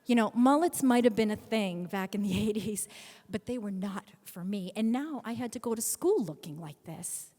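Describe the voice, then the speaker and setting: A woman in her fifties telling a personal story live on stage, animated and acting out scenes. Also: medium pitch, moderate pace. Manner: animated, acts out scenes with voices. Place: stage in a hall. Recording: long hall reverb from a stage.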